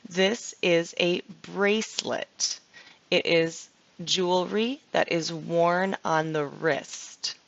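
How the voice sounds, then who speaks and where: A woman teaches vocabulary at an unhurried pace, repeating each word with patient care. Her fairly low voice has a gravelly edge. The recording is dry and slightly muffled. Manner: patient, repeats words slowly. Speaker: ESL teacher. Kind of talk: slow, clear vocabulary lesson. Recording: dull lo-fi sound.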